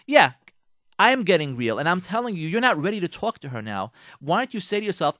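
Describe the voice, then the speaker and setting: A rabbi giving marriage advice on the radio, animated and acting out spouses in mock voices. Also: male voice, sits high, fairly quick, no room sound, clean studio sound. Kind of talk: radio talk, advice monologue.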